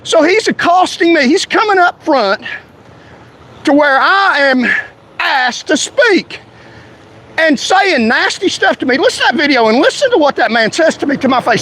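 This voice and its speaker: A man's voice: very high voice, expressive, moderate pace, bright, forceful tone, slight background noise, poor audio. A man in a heated, indignant, confrontational rant straight to his followers. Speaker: vlogger ranting to followers. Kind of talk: angry direct-to-camera rant.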